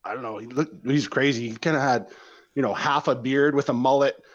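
A man's voice: mid-range voice, fairly quick, dull audio. A laid-back man in casual chat who often repeats his phrases.

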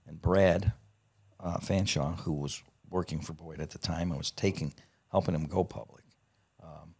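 A middle-aged man telling a profane, lively anecdote in casual conversation. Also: low voice, normal speed, creaky, slightly rough. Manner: profane, animated anecdote teller. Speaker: guest. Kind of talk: casual storytelling.

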